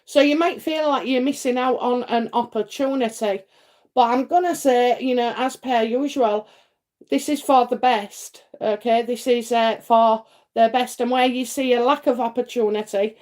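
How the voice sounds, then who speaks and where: This middle-aged English psychic livestream host talks in a rambling, casual way full of filler words and repeated phrases as she chats and does readings. She has a fairly high, darkish voice and speaks at a moderate pace.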